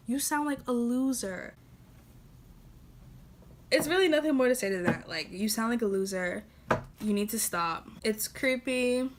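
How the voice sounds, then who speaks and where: A woman's voice: medium pitch, slight background noise. A young woman talking to camera in a casual vlog, blunt and exasperated, joking and laughing between points. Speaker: vlogger.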